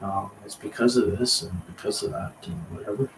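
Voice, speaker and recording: A man voicing a calm, casual cannibal doctor in an offhand, shrugging tone. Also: fairly low pitch, fairly quick, background noise, lightly acted. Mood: breezy.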